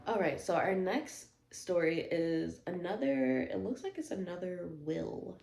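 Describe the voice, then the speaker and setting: A woman's voice: lowish voice, measured pace, gravelly, darkish tone, faint music behind. A woman hosting a storytime channel, reading Reddit posts aloud and breaking in with emphatic, slangy asides to viewers. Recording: roomy echo.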